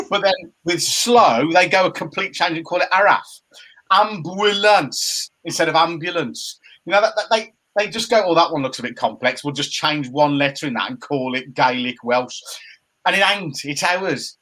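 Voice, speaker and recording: Animated man ranting. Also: high voice. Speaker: co-host of a chat show. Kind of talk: casual chat. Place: home room by a window. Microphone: laptop camera.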